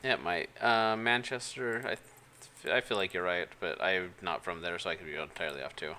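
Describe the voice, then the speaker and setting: A man from Utah streams live, casually chatting and thinking aloud with hesitant restarts while he works. His deep voice is fairly quick and sharp in tone, with a little hiss or hum in the background.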